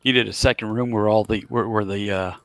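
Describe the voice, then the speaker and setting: A man with a gravelly voice chats casually as a player in an online wargame, making dry, wry remarks. His voice sounds close and dry, with no room echo. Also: on the low side, fairly even intonation, fairly quick. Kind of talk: casual chat.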